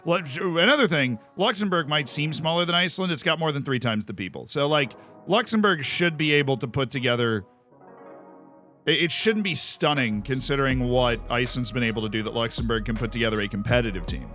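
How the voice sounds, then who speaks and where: A young man with an American accent talks loosely to his stream audience, reading out messages and firing back quick joking answers. His voice is bright and forceful, and soft music plays faintly underneath. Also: medium pitch. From United States. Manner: animated and talkative, quick restarts and joking replies. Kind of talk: casual live-stream chat, reading out viewer messages.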